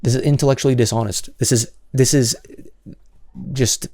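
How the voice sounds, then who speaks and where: A man's voice: mid-range voice, steady tone, moderate pace, a little mellow, no echo, clean studio sound. A man hosting solo commentary, answering comments in an exasperated, sarcastic way with many stammered restarts.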